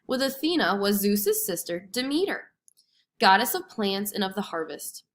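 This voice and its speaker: A woman reading a storybook lesson aloud to children with expressive, clear storytelling. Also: medium pitch, moderate pace. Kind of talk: storybook read-aloud narration.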